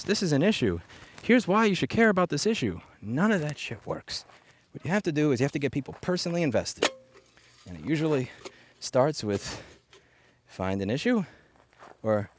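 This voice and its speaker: A man talking off the cuff into a headset mic outdoors while picking up litter, blunt and ranting, with sarcastic asides. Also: mid-range voice. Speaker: repair activist vlogger. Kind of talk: off-the-cuff monologue. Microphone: headset microphone.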